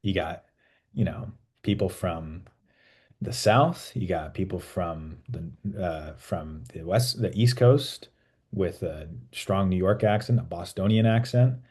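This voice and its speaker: A man's voice: low-pitched, slow, warm tone. A man talking casually as an actor guest in an interview, rambling with many restarts and some swearing.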